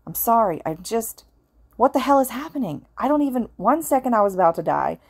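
A woman's voice: a little high, big pitch swings, fairly quick, darkish tone, husky, dry recording, clean studio sound, pitched above the performer's own voice, exaggerated voice. Woman doing an anxious stammering teen boy. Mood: panicky. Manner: stammering, panicky. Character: anxious, flustered teenage boy student.

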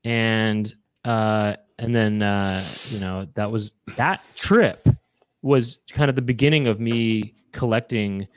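A man's voice: lowish voice, slow pace, smooth, no room sound. A man, a comedian hosting a show, chatting casually in a rambling, jokey way. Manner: rambling, lots of fillers and restarts, jokey. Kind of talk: casual chat.

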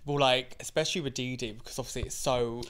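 A man's voice: mid-range voice, fast, clean tone. A man from the UK, a podcast co-host and drag performer, telling stories with lots of "like". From United Kingdom. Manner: animated storytelling, lots of "like". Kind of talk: casual podcast chat.

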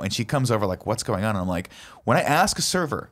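Fast-talking, blunt storytelling man. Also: lowish voice, sing-song, fairly bright tone. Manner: fast, emphatic, profane storytelling. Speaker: podcast co-host. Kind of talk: casual storytelling chat.

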